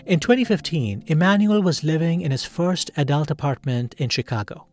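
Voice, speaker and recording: A man hosting a podcast, narrating a true story in a calm, measured scripted read. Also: fairly high pitch, dry recording, soft background music. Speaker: podcast host.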